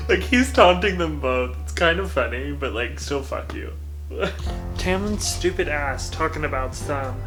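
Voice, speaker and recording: A man vlogging about a novel he is reading, excitable and profane, bursting into yells and laughter. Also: fairly high pitch, moderate pace, roomy sound, faint music behind. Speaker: book vlogger. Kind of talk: reading vlog reactions.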